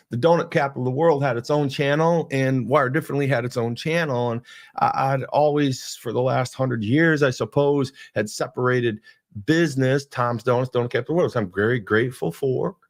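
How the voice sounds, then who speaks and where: Man, podcast host, gravelly voice, earnest rambling faith talk, frequent restarts. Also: mid-range voice. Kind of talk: casual faith monologue.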